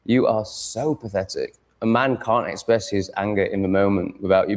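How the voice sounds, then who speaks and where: This livestreamer is an English man talking casually to viewers from a home room shared with cats. He is blunt, swears and rants, using a lowish voice at a moderate pace with few pauses.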